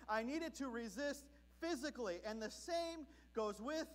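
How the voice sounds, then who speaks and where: A man from Southern California preaching a sermon as pastor, telling a story in an animated, comic way. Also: very high voice, unhurried.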